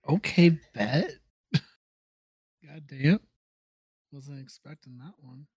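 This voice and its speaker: A woman's voice: low voice, very slow, pauses often, warm tone, slightly rough, no echo. A woman chatting casually, mostly giving short responses to a story. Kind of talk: casual chat.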